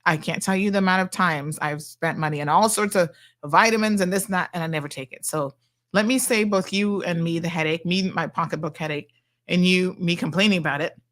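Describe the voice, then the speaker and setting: A middle-aged woman, hosting a talk show and telling a story in a chatty, animated way. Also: lowish voice, fairly quick. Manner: chatty and animated, acting out quoted people. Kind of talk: casual storytelling monologue.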